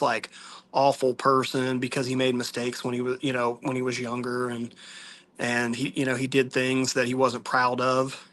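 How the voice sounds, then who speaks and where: A man vlogging to viewers, telling a personal story in a halting, soft-spoken, earnest way. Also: mid-range voice.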